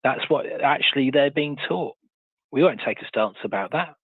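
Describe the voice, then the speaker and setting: A man hosting a live audio discussion, talking haltingly with many fillers and rhetorical questions. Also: medium pitch, lively intonation, husky, no room sound. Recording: tinny phone-like audio.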